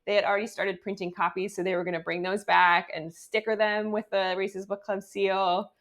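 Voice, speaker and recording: A woman author being interviewed, telling her story in a chatty, animated way with lots of "like"s. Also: mid-range voice, normal speed. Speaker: guest author. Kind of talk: casual interview talk. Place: home office in New York.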